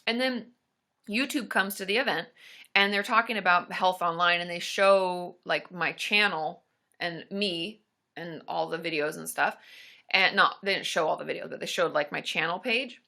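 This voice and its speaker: A woman with a fairly low voice, sharp tone and vocal fry talks at a normal speed while hosting a casual live stream. She rambles in a friendly way, reading viewer comments and filling the chat with fillers and asides.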